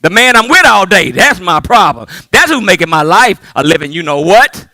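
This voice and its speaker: High-pitched, lively pastor. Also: male voice, moderate pace, no room sound. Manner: call-and-response preaching, swinging from loud to hushed. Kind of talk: sermon.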